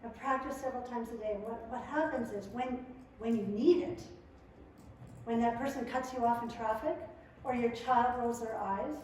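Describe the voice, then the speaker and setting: A middle-aged woman presenting a family skills workshop, talking in a lively, conversational way to a live audience and acting out the quotes. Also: a little high, normal speed, a little hiss or hum. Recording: echoey room, mic far off.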